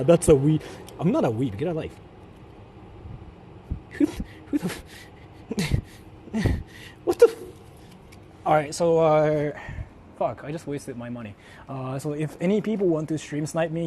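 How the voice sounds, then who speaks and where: A male streamer, out of doors in a city at night, talking in loud, profane, mocking bursts and switching between English and Japanese, recorded on a handheld mic while he walks. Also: mid-range voice, slight background noise. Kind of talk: casual live-stream chatter.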